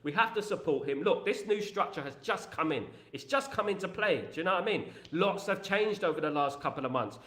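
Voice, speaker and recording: Male football streamer, high voice, emphatic and rambling, echoey room. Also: brisk, hardly any pauses. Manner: animated, rambling, emphatic, British slang. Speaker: football podcast host. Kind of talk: live-stream chat reading viewer comments.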